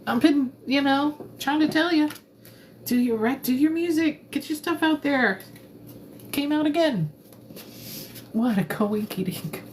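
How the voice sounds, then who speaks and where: A woman's voice: high-pitched, unhurried, a little hiss or hum. A woman tarot reader chatting casually on a live stream, playful and giggly, rambling as she talks into a phone.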